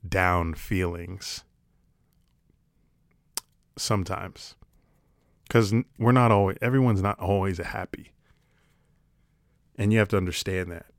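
A man's voice: sits low, smooth, no echo, studio quality. A man talking to camera in a casual comedic monologue, sarcastic and rambling, swearing casually. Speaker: vlogger.

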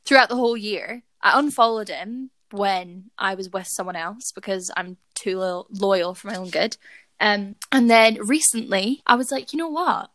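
A young woman co-hosts a podcast, chatting casually as she tells a personal story and speaks directly to her listeners, giggling along the way. Her voice is medium-pitched and fairly bright, with fairly even intonation and a moderate pace. There is no room sound.

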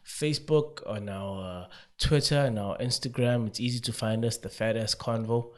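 A man's voice: medium pitch, steady tone, normal speed. Laid-back man co-hosting a podcast. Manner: laid-back, slangy, trails off with fillers. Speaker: podcast co-host. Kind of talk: casual chat.

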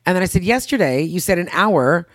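A woman in her thirties chatting casually as a podcast co-host, acting out quotes with big jumps in pitch. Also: lively intonation, a little fast, no echo, clean studio sound. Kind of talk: casual chat.

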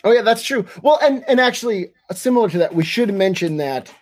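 A man's voice: high-pitched, lively intonation, brisk. A man co-hosting a casual podcast chat, recapping scenes, quoting lines and chuckling often. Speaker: podcast co-host.

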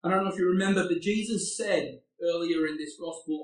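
A man's voice: high-pitched, fairly quick. A man preaching a sermon, earnest and asking his listeners rhetorical questions. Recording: echoey room, far from the mic.

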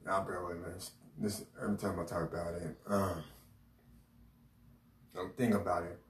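Low-voiced man telling a halting story. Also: little pitch movement, a little hiss or hum. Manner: halting, emotional, repeats "literally" and restarts. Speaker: podcast host. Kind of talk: personal storytelling podcast. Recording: roomy echo, mic at a distance, faint ambience.

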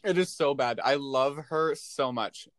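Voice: medium pitch, measured pace, dry recording. A young co-host chatting casually on a podcast, laughing often and getting flustered. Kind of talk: casual chat.

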